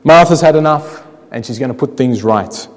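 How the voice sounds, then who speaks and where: A man preaching a sermon, telling the story dramatically with rhetorical questions, slowing down and dropping quiet to make points. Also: medium pitch, lively intonation. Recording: long hall reverb.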